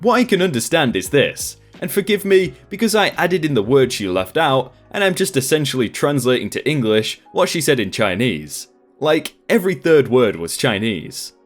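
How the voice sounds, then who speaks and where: A man reads online stories aloud for his channel in a scripted narration, his pitch swinging widely. His voice sits in a middle pitch, and faint music plays underneath. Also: moderate pace. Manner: lively, expressive reading. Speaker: storytime channel host.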